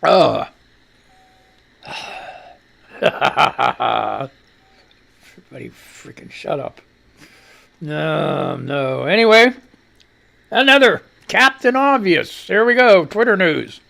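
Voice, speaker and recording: This is a man hosting a casual live radio show, as if he were chatting at the kitchen table. His voice is gravelly and congested, with a wheeze and a cough. He talks slowly, his pitch bounces around a lot, and he rambles and swears freely. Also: animated, bright, forceful tone. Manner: rambling, profane, laid-back.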